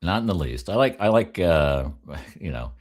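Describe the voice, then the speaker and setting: A man's voice: deep voice, sing-song, moderate pace, darkish tone. A man on a casual political talk panel, wry and joking, often laughing at his own remarks. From Oregon. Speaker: regular panelist.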